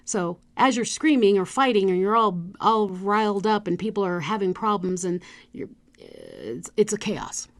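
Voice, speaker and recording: Woman, speaker coach, middle-aged, animated motivational talk, medium pitch. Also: moderate pace. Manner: animated, coaching tone with demonstrative asides.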